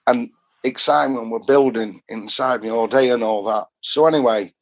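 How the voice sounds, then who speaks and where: A middle-aged guest on a podcast, from Doncaster in Yorkshire, England, spins long, rambling stories rich in northern dialect, casual in style and in a Yorkshire accent. His mid-range voice moves at a normal speed.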